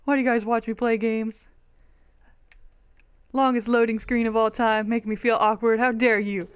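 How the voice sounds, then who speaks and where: A woman's voice: a little high, flat delivery, normal speed, clear, resonant tone, dry recording, lo-fi sound. A woman giving casual, bubbly and self-mocking commentary while playing an online game. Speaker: gaming youtuber.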